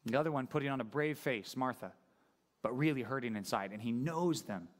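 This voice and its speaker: A man preaching a sermon as pastor, talking conversationally and asking the congregation questions, dropping to a hushed voice at sad moments. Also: medium pitch, a little fast.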